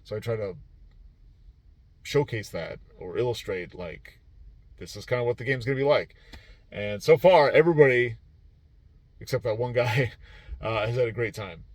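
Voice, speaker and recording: A convention game master casually recaps his weekend on video, rambling, laughing easily, and restarting his thoughts amid many fillers. He has a mid-range, expressive voice at a moderate pace, pauses often, and there's no room sound.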